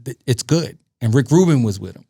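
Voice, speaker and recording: This Brooklyn-born DJ and producer, guesting on a laid-back podcast, talks a little fast in a mid-range voice with a breathy edge. He acts out quoted dialogue in his animated anecdotes and curses plenty. The sound is clean studio audio without room noise.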